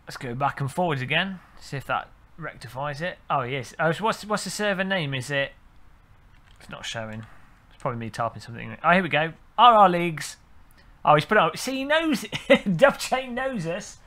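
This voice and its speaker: A man's voice: on the high side, animated, normal speed, bright, forceful tone. A man streaming a racing game, chatting and joking with his viewers while he sets up a server. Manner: chatty, jokey, talks to chat while setting up. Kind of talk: casual live-stream chat.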